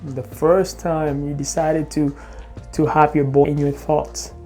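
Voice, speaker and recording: A man's voice: fairly high pitch, flat delivery, unhurried, a little mellow, soft background music. A man commenting casually and giving emphatic dating advice as a co-host. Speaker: podcast co-host.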